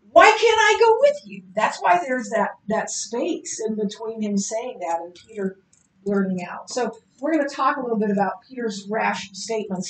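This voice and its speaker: A woman teaching a Bible class in a conversational lecture style, chatty and animated, with many fillers and restarts. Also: fairly high pitch, distant mic. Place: church classroom. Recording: roomy echo with faint background hiss.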